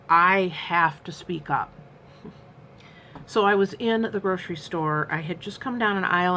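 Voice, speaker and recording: Gravelly-voiced woman in her fifties. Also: on the low side, fairly bright tone, slight background noise. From United States. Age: 50s. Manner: earnest, rambling, many fillers and restarts. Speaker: vlogger. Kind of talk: candid personal vlog talk.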